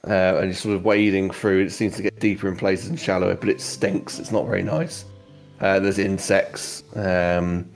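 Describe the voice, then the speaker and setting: Rambling low-voiced game master. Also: male voice, darkish tone. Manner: casual, rambling, many fillers. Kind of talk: narrating a tabletop game.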